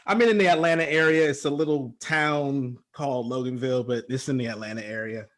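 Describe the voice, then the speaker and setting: A middle-aged man from England, a guest chatting casually and trailing off softly at the ends of his thoughts. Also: medium pitch, brisk. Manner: relaxed, self-deprecating, trails off softly. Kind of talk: casual conversation.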